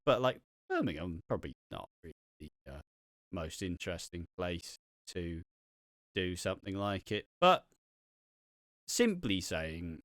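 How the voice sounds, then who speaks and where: A man co-hosting a podcast, talking in an animated, opinionated way with some swearing. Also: deep voice, measured pace, no room sound, studio quality. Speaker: podcast co-host. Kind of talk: casual chat.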